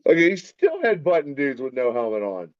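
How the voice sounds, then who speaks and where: A man's voice: medium pitch, wildly swooping pitch, fairly quick, no room sound, dull audio. A man co-hosting a casual live football reaction show, with wry, laid-back comments. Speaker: co-host.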